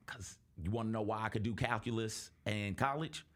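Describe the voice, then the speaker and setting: Earnest low-voiced male talk host. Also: normal speed, fairly bright tone. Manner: earnest, storytelling, acts out quoted voices. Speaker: podcast host. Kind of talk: casual sports talk show chat.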